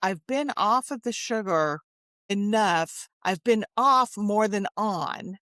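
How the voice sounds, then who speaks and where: A woman at a middle pitch talks candidly and reflectively, opening up about her emotions with earnest feeling. The sound is dry and close, with no room in it. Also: animated, takes it slowly, a bit bright, no room sound. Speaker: show host in recovery. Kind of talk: candid conversation.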